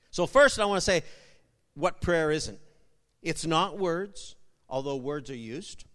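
Animated man preaching in a reverberant hall. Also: fairly high pitch. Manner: animated storyteller, repeats words, sudden loud bursts. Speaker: pastor. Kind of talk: sermon with jokes. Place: church sanctuary.

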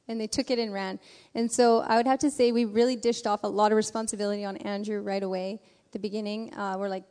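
A woman speaking to a church congregation, telling lively stories about a mission trip and acting out what people said. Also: on the high side, fast talker, in a large hall. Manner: lively storyteller acting out quotes.

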